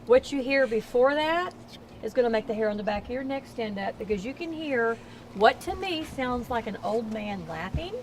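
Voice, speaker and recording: A chatty middle-aged woman with a Southern Texas accent tells ghost stories on a night-time walking tour, raising her voice so the group can hear. Her voice sits a little high. Faint street noise runs under the recording from a tour member's camera. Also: animated, moderate pace, poor audio. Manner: chatty, folksy, projects to a crowd. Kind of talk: storytelling tour talk to a crowd. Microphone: camera held by a tour member.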